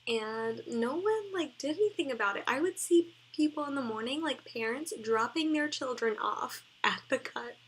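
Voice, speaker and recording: A woman's voice: high voice, lively intonation, normal speed, hardly any pauses, fairly bright tone, a little hiss or hum, poor audio. A young adult woman in a casual vlog, giggly and rambling as she reacts to her old posts, with lots of "like" in her speech. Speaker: cosplay vlogger.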